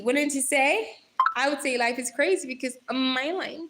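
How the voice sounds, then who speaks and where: A woman's voice: sits high, lively intonation, normal speed, fairly bright tone, low-quality recording. A young woman hosting a casual livestream on her phone, reading out viewer comments and talking straight to them in a chatty, giggly way. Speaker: livestream host.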